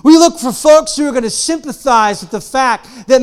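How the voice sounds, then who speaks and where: A male pastor preaches with lively, animated storytelling. His fairly high voice swings from loud, punchy bursts down to near-whispered asides. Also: normal speed, hardly any pauses. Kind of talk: sermon.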